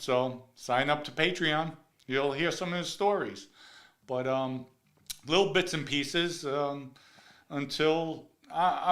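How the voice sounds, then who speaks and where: A man's voice: mid-range voice, pushed and bright. A man hosting a casual live chat show, talking emphatically and repeating words for stress. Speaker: livestream host.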